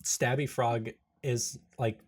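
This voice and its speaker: A man narrating as game master of a tabletop role-playing game, animated and laughing. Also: medium pitch, takes it slowly, breathy edge.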